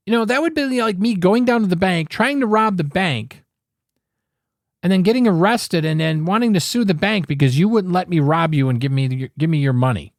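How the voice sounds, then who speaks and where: A man's voice: high voice, dry recording, clean studio sound. A man hosting a political talk show, ranting with angry, sarcastic emphasis and frequent swearing.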